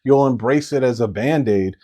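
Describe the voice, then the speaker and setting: A man's voice: medium pitch, moderate pace, warm tone. A man preaching a sermon as a pastor, in a blunt, conversational way with coarse words.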